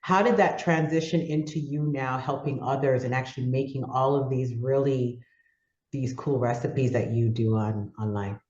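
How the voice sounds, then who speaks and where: A man's voice: mid-range voice, moderate pace, a little mellow, highs cut off, a little hiss or hum. Encouraging male host in an echoey room. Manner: encouraging, affirming with frequent "yeah". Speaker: podcast host. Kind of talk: conversational interview.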